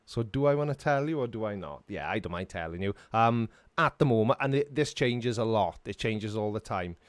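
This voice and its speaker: A man's voice: lowish voice, expressive, a little fast, no echo. Chatty Welsh man on a live stream. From Wales. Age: middle-aged. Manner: chatty, self-mocking, reads viewer comments aloud.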